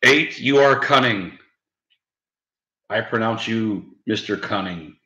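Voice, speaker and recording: A man's voice: on the low side, takes it slowly, bright, forceful tone. A man live-streaming in a casual chat with his viewers, joking and laughing often. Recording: roomy, dull lo-fi sound.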